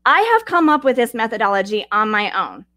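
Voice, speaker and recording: A woman hosts a podcast, teaching in a chatty, animated style that blends lessons with personal stories and addresses listeners directly. Her voice is fairly high and fairly quick, with no room sound.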